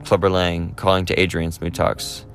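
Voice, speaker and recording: A man's voice: low-pitched, monotone, moderate pace, fairly bright tone, faint music behind. A man chatting casually as a movie vlogger, rambling with lots of fillers and restarts. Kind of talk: casual chat.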